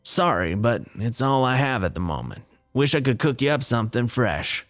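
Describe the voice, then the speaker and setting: A man voicing a kind but stern fishing guide in his forties, with a Southern Florida accent and a gruff, fatherly, folksy way of talking. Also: medium pitch, sing-song, normal speed, soft background music, natural voice. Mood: friendly. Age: 40s.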